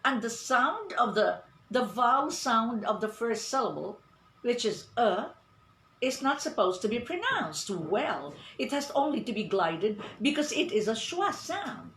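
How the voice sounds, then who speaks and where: A woman giving an online pronunciation lesson, speaking deliberately, repeating words and asking the class questions. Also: fairly high pitch, sing-song, a bit bright, slight background noise. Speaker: English teacher. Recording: roomy echo.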